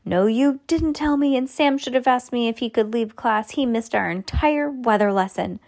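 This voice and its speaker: A flustered, strict schoolteacher from a children's story, shrill and scolding, as a woman reading aloud puts her on. Her voice climbs high with every complaint. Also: normal speed, a little mellow, close to an everyday voice.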